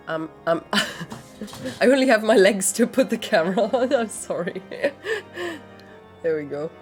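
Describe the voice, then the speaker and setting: Playful, slow-talking woman streamer. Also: mid-range voice, expressive, over music. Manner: playful, giggly, baby talk to her dog. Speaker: game streamer. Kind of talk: casual live-stream chat.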